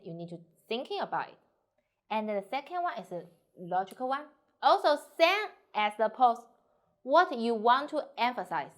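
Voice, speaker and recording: Woman teaching mandarin, english isnt her first language, keeps saying example sentences in chinese, voice jumps around a lot. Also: fairly high pitch. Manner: explains in simple non-native English, demonstrates sentences in Mandarin. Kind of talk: language lesson.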